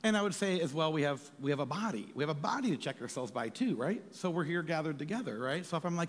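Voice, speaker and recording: A man preaching with a lively, swinging delivery and a slightly husky tone. His voice carries a long reverb, as if in a church hall. He jokes and acts out quick asides as he teaches. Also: a little high. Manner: animated, jokey preaching with acted asides. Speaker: pastor. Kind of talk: sermon.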